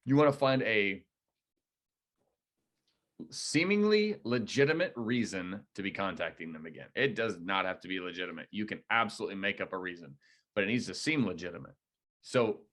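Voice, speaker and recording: Man, low voice, direct coaching talk, energetic trainer. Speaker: real estate team leader training agents.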